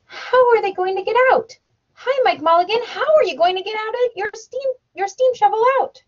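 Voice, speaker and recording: A crowd of excited townsfolk calling out in a high, lively voice, as a woman reading aloud puts them on. The sound is dull and lo-fi. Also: moderate pace. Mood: clamoring. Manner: loud, high, excited cheering. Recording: dull lo-fi home recording.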